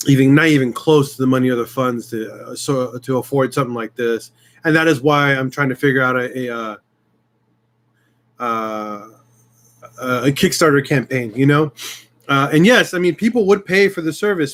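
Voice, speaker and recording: A YouTube channel host talks to his viewers in a casual live-stream chat, rambling and heartfelt, getting emotional and restarting often. His voice is on the high side and a bit bright.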